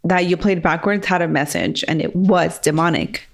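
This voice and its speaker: A woman co-hosting a podcast in casual chat, joking and reacting with quick, blunt remarks. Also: on the low side, vocal fry. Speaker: podcast co-host.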